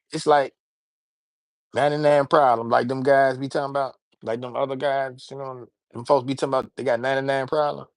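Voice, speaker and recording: A man's voice: medium pitch, little pitch movement, moderate pace, long pauses, dry recording. Guy rambling on his livestream, chatty with viewers, dry close sound. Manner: loose, rambling, talks to his chat, repeats words. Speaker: livestream host. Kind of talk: casual livestream chat.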